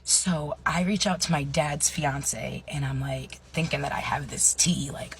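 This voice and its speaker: A woman in her thirties telling a personal story in a chatty way, full of fillers and dropping into hushed asides. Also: low-pitched, unhurried, hardly any pauses, heavy background noise. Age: 30s. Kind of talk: casual storytime monologue.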